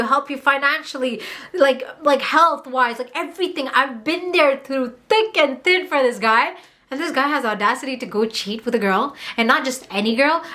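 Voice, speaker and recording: Young woman vlogger, storytime confessional; bright, slightly high voice, candid and heated. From Montreal, Canada. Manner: candid, heated, swears, quick asides. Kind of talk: casual storytime vlog.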